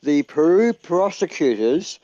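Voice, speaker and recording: A man with an Australian accent, co-hosting a livestream, rambling in halting casual political chat. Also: on the high side, sing-song, dark tone, no room sound, highs cut off. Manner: rambling, halting, spells words out. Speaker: livestream co-host.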